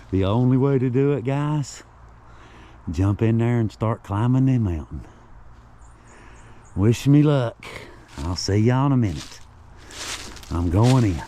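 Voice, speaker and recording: A man's voice: mid-range voice, expressive, slow pace, long pauses, mellow, a little hiss or hum. A man rambling in a folksy, casual way as he narrates a walking vlog outdoors on a rural hillside. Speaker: vlogger exploring local history sites.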